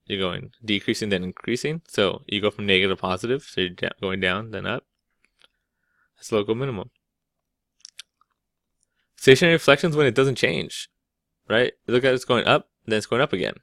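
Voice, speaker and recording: A man's voice: on the low side, a little fast, creaky, long pauses, fairly bright tone, no room sound, studio quality. A man teaching calculus in a casual, conversational way, often checking in with "right?" and restarting words mid-thought. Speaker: math teacher. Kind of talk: explaining calculus over a whiteboard.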